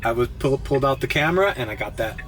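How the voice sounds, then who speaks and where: A man's voice: mid-range voice, expressive, fast, faint music behind. A man vlogging casually from inside his car as a rideshare driver, rambling, swearing and laughing a lot. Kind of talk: casual vlog while driving.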